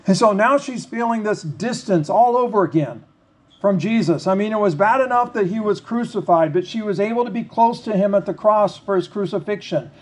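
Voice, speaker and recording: A man with a fairly high voice preaching a sermon. He reads scripture slowly with pauses, then talks it through plainly and conversationally, asking the listeners questions. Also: expressive. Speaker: pastor.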